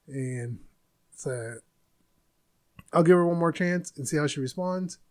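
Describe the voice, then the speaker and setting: A man in his forties hosting a podcast, venting bluntly in a casual monologue. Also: a little high. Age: 40s. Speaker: podcast host.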